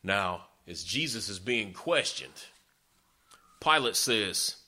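A man's voice: lowish voice, animated, slow pace, bright, forceful tone. A man preaching a sermon, retelling scripture in a folksy, conversational way with sarcastic asides. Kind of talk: sermon storytelling.

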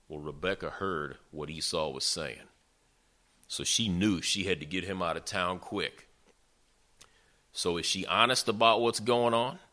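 A pastor preaching a sermon with folksy, emphatic storytelling. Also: male voice, low voice, pushed and bright.

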